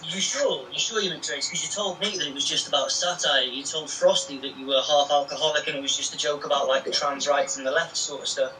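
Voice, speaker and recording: A man fires off sarcastic, pointed questions and swears freely. His voice is bright and fairly high. He sounds set back from the mic, with a faint hiss underneath. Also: fairly even intonation, brisk, hardly any pauses. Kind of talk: heated live-stream argument. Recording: distant mic with faint noise.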